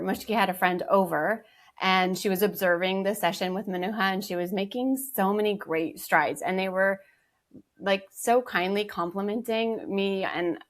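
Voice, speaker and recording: A woman joins a relaxed podcast conversation as a guest, speaking at an ordinary mid pitch. She tells her story carefully and reflectively, with small hesitations and fillers along the way. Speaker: podcast guest, energy healer. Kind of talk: casual podcast chat.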